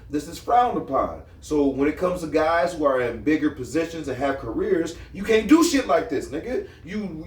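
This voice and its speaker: Blunt man talking in an echoey room. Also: fairly high pitch. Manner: blunt, explains at length, streetwise slang. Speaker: podcast co-host. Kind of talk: casual opinionated chat. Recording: echoey room, mic at a distance.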